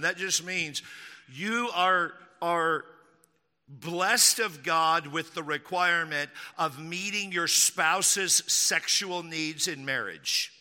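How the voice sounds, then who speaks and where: Bright, ringing preacher from Texas. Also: male voice, on the high side, takes it slowly, long reverb tail. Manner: emphatic, repeats key lines, mocking asides. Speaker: pastor. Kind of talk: sermon.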